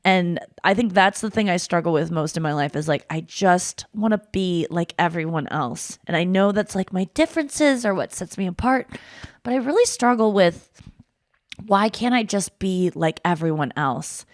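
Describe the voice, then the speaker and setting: Podcast host, woman in her thirties, lively and self-mocking, close dry mic. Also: on the low side, moderate pace, no room sound. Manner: animated, self-deprecating, swears freely. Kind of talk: casual chat.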